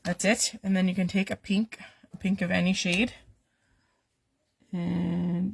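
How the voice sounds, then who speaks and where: A woman's voice: on the low side, little pitch movement, a little slow, vocal fry, pauses often, husky, no room sound, clean studio sound. A woman who is losing her voice, chatting to viewers while she demonstrates a craft on a live stream. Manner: talks to viewers while she works, with little asides.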